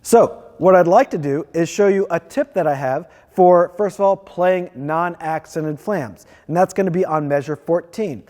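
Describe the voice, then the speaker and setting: A man explains snare technique in a clear, step-by-step teaching manner. His voice sits a little on the higher side. The room gives it a long, ringing reverb. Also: moderate pace, hardly any pauses, warm tone. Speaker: percussion teacher. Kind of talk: instructional demonstration.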